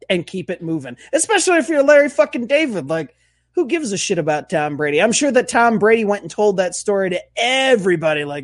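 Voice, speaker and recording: A man with a high, lively voice co-hosts a casual podcast, telling stories in an animated, profane way. His pitch swings widely and the sound is dry and close. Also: fairly quick, dry recording. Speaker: podcast co-host.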